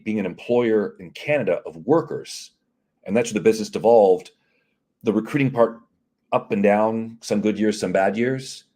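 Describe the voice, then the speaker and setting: A man with a lowish, mellow voice talks through his business story in a casual interview. He slips into quoted back-and-forth dialogue, doing the other people's lines with lively energy. The tone stays relaxed and conversational throughout. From United States. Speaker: CEO of immigration and employment firm, guest.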